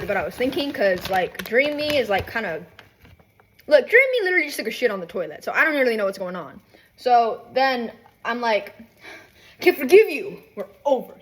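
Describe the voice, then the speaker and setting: Husky young woman rambling, swearing. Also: mid-range voice, fairly bright tone. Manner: rambling, swearing, full of fillers and asides. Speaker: vlogger. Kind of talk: casual rant while cooking. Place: home kitchen.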